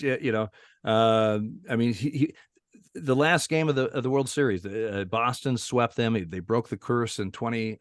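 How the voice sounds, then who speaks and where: A man's voice: on the low side, smooth, dry recording, clean studio sound. A man in his sixties, a retired umpire, tells stories as a guest in a casual interview, chuckling often and restarting his sentences. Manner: chuckling storyteller with many restarts. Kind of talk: casual anecdote telling in an interview.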